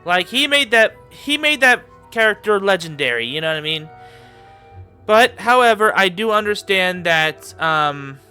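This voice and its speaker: Man, casual reaction commentary, rambling, filler-heavy, bright, smooth voice, a little higher pitch. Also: unhurried, soft background music. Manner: gets excited and laughs easily. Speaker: YouTube commentator.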